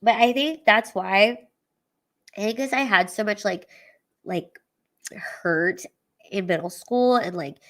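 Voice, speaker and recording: A woman's voice: medium pitch, slow pace, pauses often, a bit bright. Woman, 30s, comedian, candid, teary, swearing, casual livestream. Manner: candid, emotional, swears freely.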